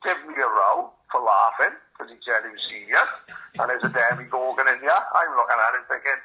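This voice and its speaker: A man's voice: mid-range voice, expressive, brisk, lo-fi sound. A man in his forties, a podcast host, rambling through a story in casual chat and swearing constantly. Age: 40s.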